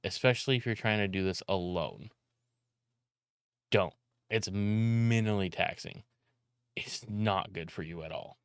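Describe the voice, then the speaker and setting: A young man ranting casually to camera about content creation, talking loudly with frequent restarts and some swearing. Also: fairly low pitch, unhurried, pauses often, clean tone, dry recording, clean studio sound. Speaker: content creator and video editor. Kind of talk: casual vlog rant.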